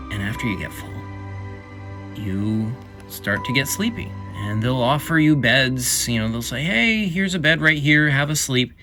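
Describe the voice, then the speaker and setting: A man casually walking through his paper game, rambling and filling his talk with "like" and "um". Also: medium pitch. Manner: rambling, full of "like" and "um". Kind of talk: casual walkthrough. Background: background music.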